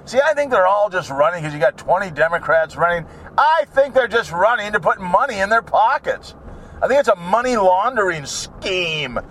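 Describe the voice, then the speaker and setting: Man, driving vlog, rambling sarcastic rants, high animated voice, faint road noise behind. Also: normal speed. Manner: ranting, sarcastic, drifts between topics, swears. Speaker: vlogger. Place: in a car while driving.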